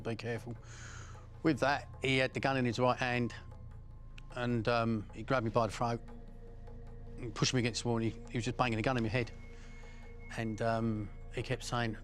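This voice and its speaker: Blunt man telling his story. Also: medium pitch. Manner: blunt, rambling with fillers. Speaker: interviewee. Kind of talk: recounting his past in an interview.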